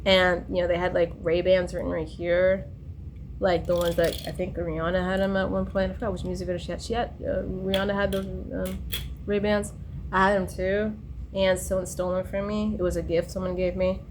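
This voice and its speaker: A young woman vlogs about her life, wandering from one story to the next with lots of fillers and restarts. Her voice sits on the low side with little pitch movement, and she talks fairly quickly over a noisy background.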